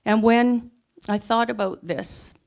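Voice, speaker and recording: A woman's voice: fairly high pitch, slow pace, darkish tone. A middle-aged woman telling a personal story live on a theatre stage, earnest and emphatic. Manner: earnest, emphatic, plain-spoken.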